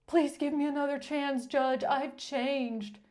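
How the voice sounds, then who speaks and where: A woman's voice: high voice, steady tone, takes it slowly, darkish tone, voice pushed up. A woman voicing a whiny, self-pitying adult who pleads to a judge while playing the victim. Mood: whiny pleading.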